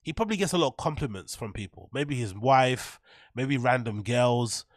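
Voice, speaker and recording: A man's voice: medium pitch, animated, moderate pace, no echo. Mocking, profane man, dry mic. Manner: profane, mocking rants with filler words. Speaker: host. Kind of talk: commentary on podcast clips.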